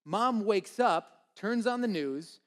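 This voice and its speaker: Preacher, man in his 30s, slightly high voice, spins a funny story at the pulpit and acts out each voice. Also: takes it slowly. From Minnesota. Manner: animated, comic storytelling with quoted voices. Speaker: pastor. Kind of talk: sermon storytelling.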